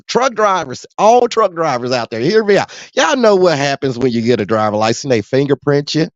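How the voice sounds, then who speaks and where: A man's voice: a little high, big pitch swings, fairly quick, hardly any pauses, no echo. A man, a truck driver, ranting casually to camera in street slang and laughing often. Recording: dull dry lo-fi sound.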